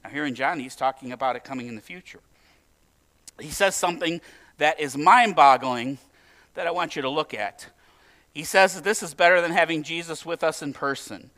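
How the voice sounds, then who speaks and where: A man's voice: a little high, moderate pace, bright, forceful tone. A male pastor preaching a sermon in a conversational, lightly humorous way, asking his listeners direct questions.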